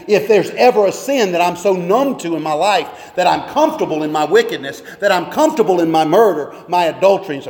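A man's voice: high voice, lively intonation, a little fast, hardly any pauses, darkish tone. A man preaching as pastor, reading scripture and pressing his listeners with earnest rhetorical questions. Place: church sanctuary. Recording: long reverb of a church hall.

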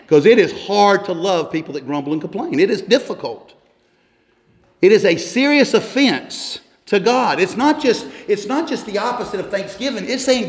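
A man's voice: high-pitched, animated, brisk. A man giving a sermon as pastor, earnest and conversational, often restarting his sentences. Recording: echoey hall with long reverb.

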